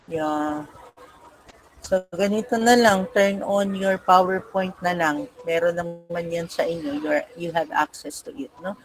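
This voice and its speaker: A woman's voice: on the low side, a little slow, rough recording. A woman teacher with a Filipino accent, giving an online class lecture step by step and often checking in with her students. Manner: explains step by step, often adds a questioning "no?" to check students follow. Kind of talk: online class lecture mixing English and Tagalog.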